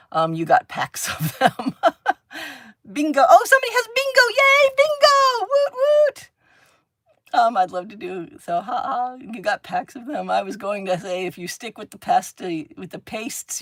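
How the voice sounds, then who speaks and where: A woman with a lowish voice chats with viewers during a crafting livestream, recorded with no echo. She rambles between thoughts, laughs often, and hums little sound effects while she draws.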